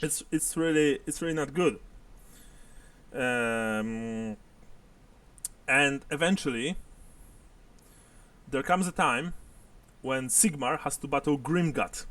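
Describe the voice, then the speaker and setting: A man's voice: medium pitch, slow, long pauses, a bit bright, distant mic. A man narrating a tabletop role-playing game as game master, chuckling often as he describes scenes.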